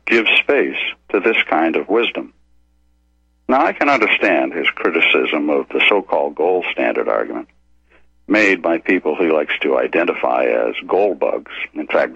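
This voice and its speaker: A man's voice: low voice, slightly rough, dry recording. An older man hosting a radio program, giving an emphatic, lecturing monologue with frequent asides like "okay?", on a dull, muffled radio recording. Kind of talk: opinionated monologue on economics.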